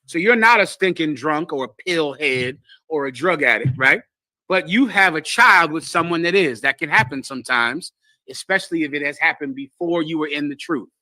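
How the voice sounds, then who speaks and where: Male teacher, sermon-style delivery, blunt and emphatic; high pitch, dry close sound. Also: expressive, moderate pace, pushed and bright, no room sound. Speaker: teacher leading a congregation class.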